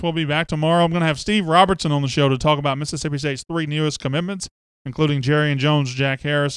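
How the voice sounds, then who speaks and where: Upbeat, smooth-voiced man hosting a podcast. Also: on the high side, fairly bright tone, no room sound, clean studio sound. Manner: joking, chatty, reads comments aloud. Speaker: podcast host. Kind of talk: casual sports podcast chat, reading listener comments.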